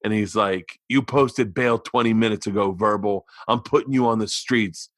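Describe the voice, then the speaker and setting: A man in his forties hosting a podcast, telling a rambling, profane story in a loose, animated way. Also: on the low side, moderate pace, no echo. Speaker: podcast host. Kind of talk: casual storytelling monologue. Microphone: studio podcast mic.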